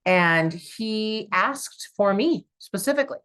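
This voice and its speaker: A woman from Southern California, a stage actor, chatting as a guest and telling stories in an animated way, with many fillers. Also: medium pitch, slow, clear, resonant tone. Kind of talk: casual conversational storytelling.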